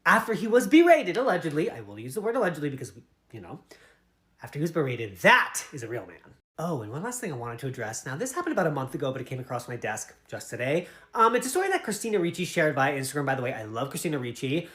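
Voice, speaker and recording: A woman's voice: low-pitched, sing-song, quick pace, a bit bright. A woman giving opinionated, emphatic celebrity gossip commentary.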